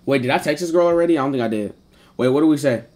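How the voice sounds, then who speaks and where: A man streaming live and chatting with his viewers in animated, joking banter full of slang and swearing. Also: on the high side, rapid-fire.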